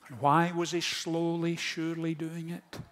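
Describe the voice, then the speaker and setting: A fairly high-voiced man preaching a storytelling sermon. He drops to near-quiet lines, then rises to stirring, impassioned questions. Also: level tone, a little slow. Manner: storytelling, swings from hushed to impassioned. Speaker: pastor.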